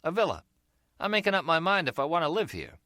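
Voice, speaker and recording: Male narrator as a terse middle-aged American, dry wit, bright lively voice, audiobook. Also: on the high side, fast, dry recording, voice pushed up.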